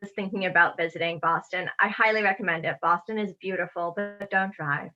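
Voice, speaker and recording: Woman from massachusetts, bright upbeat voice, chatty guest, kinda muffled sound. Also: fairly low pitch, fairly even intonation, a little fast, soft background music. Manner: upbeat, articulate, laughs easily. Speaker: guest, money educator. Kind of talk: remote podcast interview.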